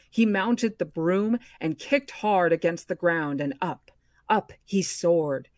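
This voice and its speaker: A woman reads a novel aloud at an unhurried, slow pace. Her voice sits on the low side and the sound is dry and close. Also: no room sound. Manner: measured, expressive storytelling. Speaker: book club podcast host.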